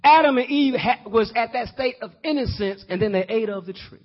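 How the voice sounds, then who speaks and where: High-voiced preacher, lo-fi recording. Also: male voice, a little fast. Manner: repeats and restarts words, calls out to congregation; acts out quoted voices in dialogue. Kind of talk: sermon.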